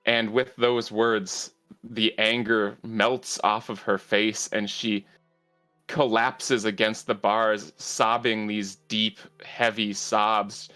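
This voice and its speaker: A man narrating a tabletop game as game master, measured and halting with fillers. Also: fairly low pitch, flat delivery, sharp tone, soft background music.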